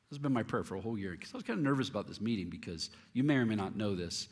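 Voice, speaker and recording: A middle-aged male pastor telling a story in a sermon, candid and humorous with animated delivery. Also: lowish voice, rapid-fire, few pauses, slightly rough. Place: church auditorium. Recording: long reverb of a church hall.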